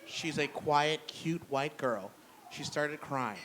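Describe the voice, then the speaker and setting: A man doing a stand-up comedy set in a brewery, blunt and profane with a deadpan delivery. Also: fairly high pitch, slow pace. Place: brewery venue with live audience. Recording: noisy live room.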